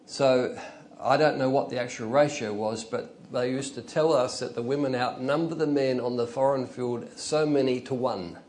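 A man's voice: mid-range voice, steady tone, normal speed, hardly any pauses, a little mellow, a little hiss or hum. An older man preaching an informal, conversational sermon, telling stories and rising into emphatic bursts. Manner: conversational, storytelling, chuckles, rises to emphatic bursts.

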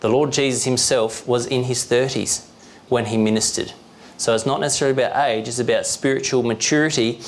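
A man's voice: medium pitch, fairly even intonation, a little fast, a little hiss or hum. A young man preaching a sermon as pastor, explaining plainly in a conversational way, often checking in with the congregation and chuckling now and then. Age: young adult.

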